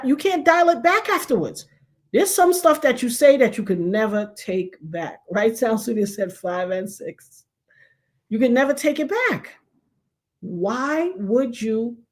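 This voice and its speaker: Emphatic folksy woman giving advice. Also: on the high side. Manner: emphatic, preachy, folksy, drops to a hush for effect. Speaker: livestream talk show host. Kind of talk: casual advice chat to a live chat.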